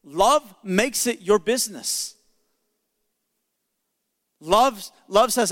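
High bright-voiced pastor preaching, punchy and chatty, echo of a big hall. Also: male voice, lively intonation, very slow, long pauses. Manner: emphatic, conversational preaching with jokes. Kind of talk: sermon.

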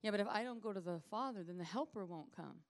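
Jesus as a woman voices him, calm and friendly. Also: medium pitch, fast, no room sound, lightly acted. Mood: reassuring. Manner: relaxed, friendly, matter-of-fact. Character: warm, calm Jesus, a grown man, reassuring.

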